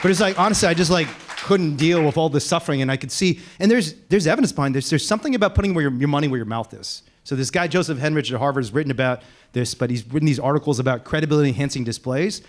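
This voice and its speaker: A man speaking on a panel as an animal rights activist, animated and laughing as he tells stories. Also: on the high side. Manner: animated, fast, laughing storyteller. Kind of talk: casual panel talk.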